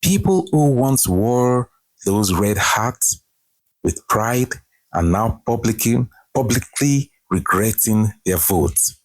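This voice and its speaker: A man hosting scripted commentary with a dramatic, deliberate delivery. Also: lowish voice, lively intonation, no echo. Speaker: commentary host.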